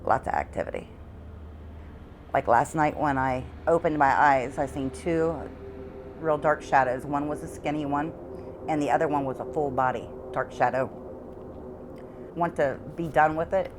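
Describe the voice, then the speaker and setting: Middle-aged woman, low voice, earnest and halting, interview testimony from her own home. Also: slight background noise. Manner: halting, repeats words, earnest. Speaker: homeowner interviewed about hauntings.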